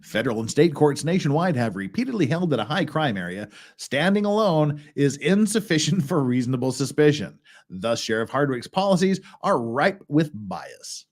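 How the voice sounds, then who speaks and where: A man's voice: on the high side, big pitch swings, moderate pace. A man hosting a casual live stream about legal cases, reading out documents and adding blunt, wry remarks in a rambling way. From United States. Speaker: legal commentary host. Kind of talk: casual livestream commentary.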